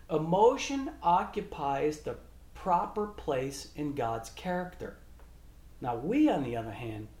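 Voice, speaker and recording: A man preaching a sermon and reading scripture aloud in measured tones. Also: on the high side, a little mellow. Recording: echoey room.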